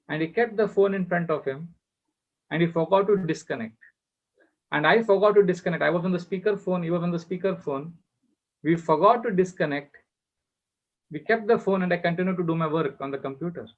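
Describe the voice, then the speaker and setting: A fairly high-voiced man gives a devotional class, telling a story with feeling. He acts out the voices of the people in his story. The sound is muffled, as over a video call. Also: fairly quick. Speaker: spiritual teacher.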